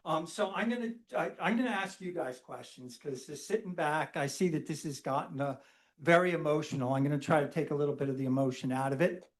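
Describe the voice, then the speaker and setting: A man speaking at public comment at a town council meeting, halting with many fillers as he asks measured questions. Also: a little high.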